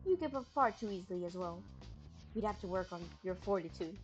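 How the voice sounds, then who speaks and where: A woman's voice: medium pitch, animated, fairly quick, muffled recording, faint music behind, pitched below the performer's own voice, lightly acted. A woman voicing a proud, stern royal cat princess from a game in a haughty, disdainful tone.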